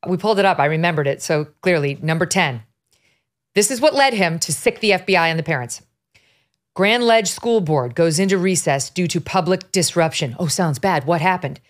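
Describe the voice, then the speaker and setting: Sarcastic, animated woman podcast host. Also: lowish voice, normal speed. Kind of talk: opinionated political talk.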